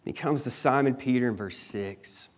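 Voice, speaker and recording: A male pastor delivering a sermon, voice neither high nor low. He tells the scripture story dramatically, swinging between loud emphatic stresses and quiet, weighty drops, with the occasional casual slang aside. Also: moderate pace. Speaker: preacher.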